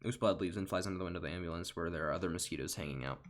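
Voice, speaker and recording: Young man, deep voice, deadpan home-recorded script read, tired. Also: rapid-fire. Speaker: online comedian. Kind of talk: comedic script reading.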